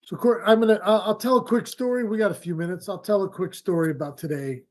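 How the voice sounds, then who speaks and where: A middle-aged man hosts a casual fishing live stream, reading out viewer comments and drifting into long, relaxed stories. His voice sits a little higher than most men's. He talks loosely, full of "um"s and restarts. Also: quick pace. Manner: relaxed rambling storyteller with frequent fillers and laughs. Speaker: fishing show host.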